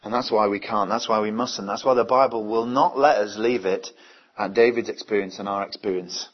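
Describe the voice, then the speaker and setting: A man's voice: on the low side, fairly even intonation, a little fast. A man preaching a sermon earnestly, asking his listeners many rhetorical questions. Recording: dull, lo-fi recording.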